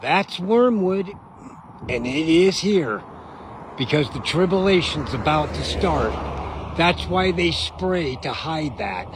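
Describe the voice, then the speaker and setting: A man outdoors slowly and insistently warning of coming doom. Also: a little high, animated, noisy background. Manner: slow, insistent preaching about doom.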